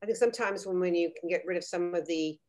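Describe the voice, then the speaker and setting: A woman's voice: lowish voice, fast, darkish tone. A woman judging a cooking contest over a video call, gushing and rambling, often restarting her sentences. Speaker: guest judge.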